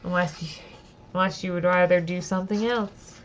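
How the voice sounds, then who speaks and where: A woman's voice: on the low side, steady tone, normal speed, muffled recording, slight background noise. A woman reading a solo horror gamebook aloud on stream, with casual, self-deprecating asides as she weighs the choices.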